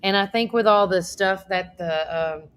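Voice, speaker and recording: A woman's voice: medium pitch, moderate pace, a bit bright, smooth. Give me a chatty woman co-hosting a local talk stream. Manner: chatty storyteller, reads listener comments aloud. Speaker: radio co-host. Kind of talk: casual live-stream chat.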